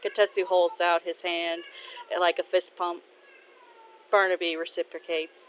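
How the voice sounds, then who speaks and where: A woman's voice: fairly low pitch, flat delivery, unhurried, lo-fi sound, slight background noise. A woman casually telling a story she made up, in a chatty, informal way. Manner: chatty, informal, laughs at herself.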